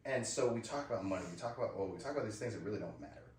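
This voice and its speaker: A man's voice: on the low side, expressive, very fast, a little mellow, a little hiss or hum. A man in his thirties co-hosting a podcast, telling candid personal stories in a casual chat and acting out the dialogue. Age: 30s. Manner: candid storyteller, acts out dialogue. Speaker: podcast co-host. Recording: echoey room, far from the mic.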